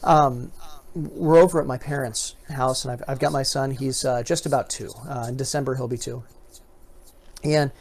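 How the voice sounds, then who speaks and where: A man's voice: medium pitch, steady tone, normal speed, a little hiss or hum. Pastor man telling a homespun story. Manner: anecdotal, gently humorous. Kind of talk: casual faith chat.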